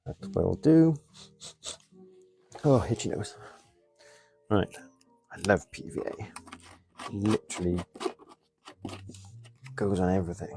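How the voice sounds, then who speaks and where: A man's voice: fairly low pitch, sing-song, takes it slowly, creaky, long pauses, mellow, faint music behind. A man chatting casually on a live stream while he builds a model, muttering as he works and answering viewers. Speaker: model railway hobbyist streamer.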